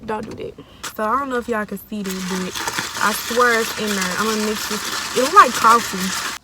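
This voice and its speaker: A woman's voice: mid-range voice, moderate pace. Chatty young woman vlogging on noisy streets. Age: young adult. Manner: chatty, slangy, talks straight to viewers. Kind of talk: casual vlog to camera. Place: outdoors on city streets and in a car. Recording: noisy street recording with traffic.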